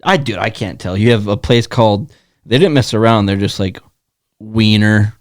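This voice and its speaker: A man's voice: on the low side, moderate pace, dry recording. Joking male podcast co-host, dry sound. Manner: joking, riffing on crude puns. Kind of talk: casual chat.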